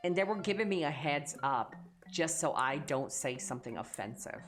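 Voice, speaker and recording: A woman's voice: deep voice, animated, normal speed, soft background music. A young woman streamer chatting casually and crudely with her chat, teasing and joking. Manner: profane, teasing, talks to chat.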